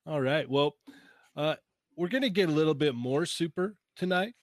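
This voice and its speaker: Livestream host, male, cheerful and chatty, a touch high, dry close mic. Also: expressive, moderate pace, no echo. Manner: laughs easily, upbeat, reads out viewer messages. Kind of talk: casual group livestream chat.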